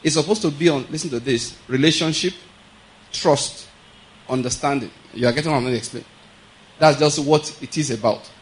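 A man's voice: medium pitch, brisk, slight background noise, rough recording. A man giving a conversational sermon, laughing often and asking his listeners whether they follow. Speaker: preacher.

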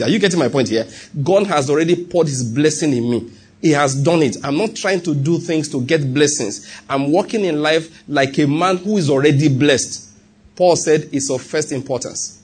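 Man, pastor, sermon, fairly high voice, husky tone, repetitive emphatic preaching. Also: fairly quick. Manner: repetitive preaching, often checks in with the congregation.

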